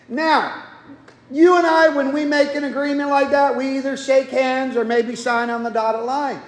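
A man's voice: extremely high pitch, steady tone, moderate pace. A man preaching a sermon, telling the story in a folksy way and acting out the quotes. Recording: echoey hall.

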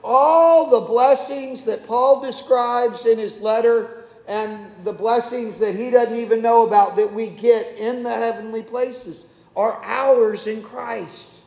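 A man with a very high voice preaches slowly and deliberately, taking his time over each thought. He keeps it conversational and asks his listeners rhetorical questions. The sound rings through a large church hall with a long, echoing reverb. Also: steady tone, gravelly, darkish tone, lo-fi sound. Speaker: pastor. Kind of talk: sermon.

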